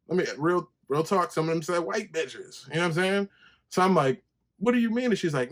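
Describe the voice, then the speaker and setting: A man hosts his own podcast in a casual solo monologue. His voice sits a little high and leaps even higher whenever he quotes himself or others. He swears freely as he tells a long personal story. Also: a little fast. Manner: animated storytelling, profane, jumps to high pitch when quoting himself. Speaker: podcast host.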